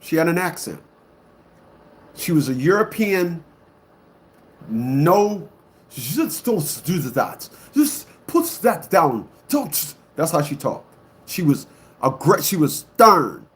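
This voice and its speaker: A man with a somewhat high-pitched voice delivers a ranting monologue to his online audience. He is blunt and emphatic and hammers the same words again and again. He swings between loud outbursts and low muttering. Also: big pitch swings, slow pace, pauses often. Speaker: online commentator.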